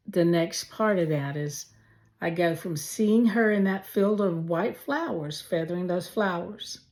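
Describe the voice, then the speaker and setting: A woman shares her faith testimony in a slow, unhurried way. She pauses often and speaks with deep feeling. Her voice sits on the low side, with soft music faintly behind her. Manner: slow, heartfelt storytelling with pauses.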